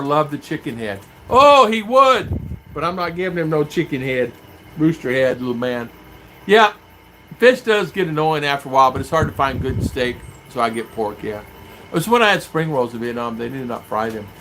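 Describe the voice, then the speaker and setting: An American vlogger at his home in the Philippines rambles through a casual live stream, reading viewer comments aloud and answering them. His voice is a little high, expressive and fairly bright, at a normal speed. The recording is rough, with a clear clicking noise behind him.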